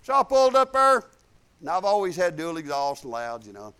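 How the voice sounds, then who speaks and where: A man preaching a folksy sermon, telling personal stories and rising to loud, emphatic points. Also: sits high, sing-song, a little fast. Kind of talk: informal preaching with storytelling.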